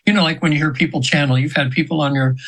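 A man in his seventies with a slightly higher-than-usual voice tells a guest's story in a loose, conversational way. He rambles, circles back and fills the gaps with ums and restarts. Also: steady tone, rapid-fire, fairly bright tone, rough recording. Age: 70s. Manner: rambling, with many fillers and restarts. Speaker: guest practitioner of trance sessions.

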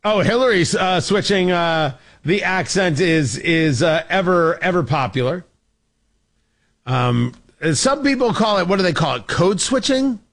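A man's voice: high voice, animated, unhurried, fairly bright tone. A man hosting a political talk show, delivering sarcastic, opinionated commentary with frequent restarts. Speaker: radio talk show host.

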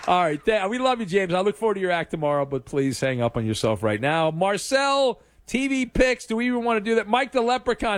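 Lively teasing male radio host. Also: sits high, a little fast, hardly any pauses, no room sound, studio quality. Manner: teasing, playful ringmaster. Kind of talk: sports talk radio banter.

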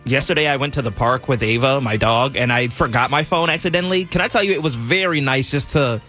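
A man co-hosting a casual group chat, talking in a relaxed, amused way. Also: mid-range voice, fast talker, faint music behind.

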